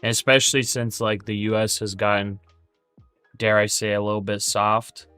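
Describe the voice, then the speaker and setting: A man's voice: lowish voice, level tone, moderate pace, pushed and bright, clean tone, no echo, soft background music. A man hosting a day trading livestream, chatting casually and jokingly, with many stammered restarts.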